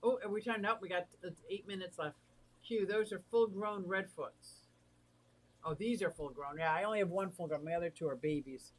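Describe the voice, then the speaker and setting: A chatty livestream host who reads viewer comments aloud and answers them, easily excited and warm. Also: medium pitch, moderate pace. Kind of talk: casual livestream chat.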